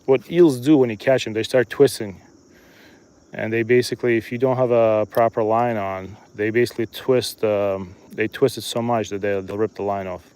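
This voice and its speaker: A man's voice: on the low side, moderate pace, clean tone. Brief: easygoing guy streaming from a riverbank, chatty, talks straight to viewers. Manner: relaxed, chatty, talks to viewers while fishing. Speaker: fishing streamer. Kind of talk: casual live-stream commentary. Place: outdoors at a riverbank.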